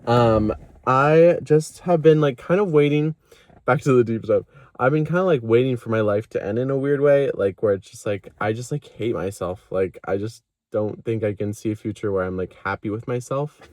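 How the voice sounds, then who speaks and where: A young vlogger speaks candidly to camera in a confessional video about self-worth and therapy, rambling with lots of fillers and quoting himself with laughs. His voice is medium-pitched and darkish at a moderate pace, in a dry recording.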